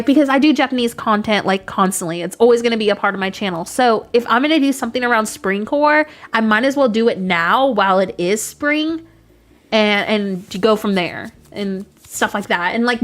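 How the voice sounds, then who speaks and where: A woman streaming a game, chatting casually and excitedly with her viewers. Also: fairly high pitch, moderate pace. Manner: chatty, excitable, talks to chat directly. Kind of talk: casual live-stream chat.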